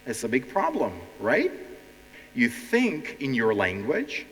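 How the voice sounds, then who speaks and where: Ukrainian guy teaching english to a crowd like stand-up, slow and bouncy, echoey big hall. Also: mid-range voice. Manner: animated, addresses the audience directly, acts out panicked learners. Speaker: language teacher and show host. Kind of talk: stand-up style language lesson to a live audience. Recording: hall reverb.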